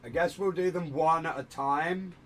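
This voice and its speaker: A man's voice: on the high side, moderate pace, a bit bright, faint music behind. A man chatting casually on a hobby livestream from a room at home, rambling and self-deprecating while he works at his desk. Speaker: streamer.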